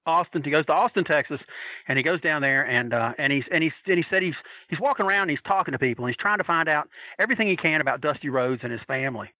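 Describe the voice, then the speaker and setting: Bright, animated man telling stories. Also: on the high side, fast talker, dry recording, rough recording. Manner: animated, acts out quoted voices. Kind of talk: casual anecdote telling.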